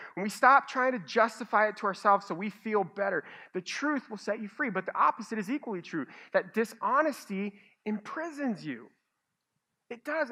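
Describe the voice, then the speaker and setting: A male pastor delivering a sermon from a church stage. His voice is bright and forward, and he moves between earnest appeals and self-mocking stories told with plenty of animation. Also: high voice.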